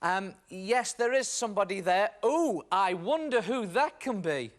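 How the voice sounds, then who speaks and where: A man's voice: high voice, lively intonation, measured pace. A British man hosting a children's game show in a TV studio, jokey and teasing. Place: TV studio set.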